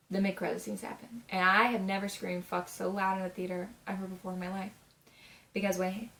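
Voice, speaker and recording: A nineteen-year-old woman reviewing a movie in a casual vlog, gushing and chatty, her sentences full of filler words, now and then jumping into loud, high exclamations. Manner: chatty, gushing, full of "like" and "you know what I mean".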